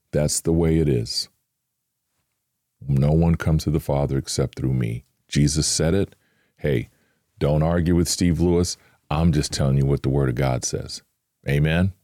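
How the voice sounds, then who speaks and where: A man's voice: very deep voice, dark tone, dry recording, studio quality. A man hosting a Christian podcast, giving informal, earnest devotional teaching with emphatic asides and acted-out worried inner voices.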